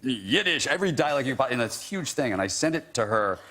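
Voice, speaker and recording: A man's voice: mid-range voice, sing-song, quick pace. A middle-aged man, a talk show guest, telling funny anecdotes and laughing through them. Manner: chatty, laughs through his stories. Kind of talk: anecdotal storytelling. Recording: loud noisy studio recording.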